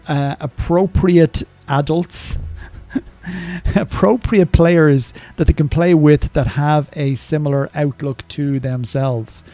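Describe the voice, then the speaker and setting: A man's voice: on the high side, dark tone, no echo. An older man streaming a game live, chatting casually and rambling through viewer questions with lots of ums and asides.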